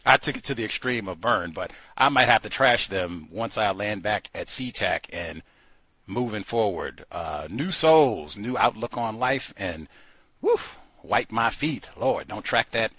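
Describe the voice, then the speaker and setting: A man talks casually as a call-in host, joking and swinging between loud outbursts and low asides. His voice is bright and lively in pitch. The sound is close and dry. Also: a little slow, dry recording. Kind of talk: casual monologue.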